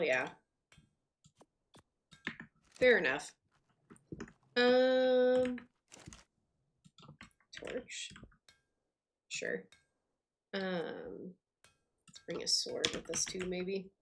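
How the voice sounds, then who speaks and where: A woman's voice: on the low side, big pitch swings, very slow, long pauses, a little hiss or hum. A woman streaming a game, chatting casually and thinking aloud with lots of fillers. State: hiccups. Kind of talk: casual gameplay commentary.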